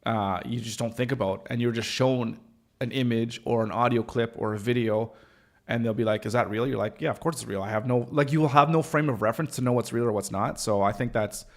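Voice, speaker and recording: Gravelly-voiced Canadian man, rambling chat. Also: mid-range voice, steady tone, fairly quick. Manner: rambling and loose, many fillers, laughs at himself. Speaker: host, web designer. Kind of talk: casual chat while working on screen.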